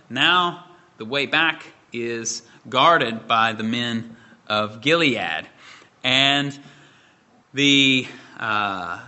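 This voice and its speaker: A middle-aged male pastor preaching an expository sermon, measured and deliberate, posing rhetorical questions. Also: mid-range voice, pushed and bright.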